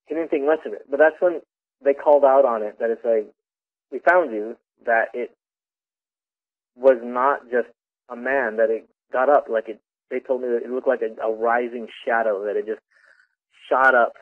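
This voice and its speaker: A young man calling in to a radio show, telling a personal story in a halting way, repeating words and restarting sentences. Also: medium pitch, steady tone. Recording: tinny phone line on radio.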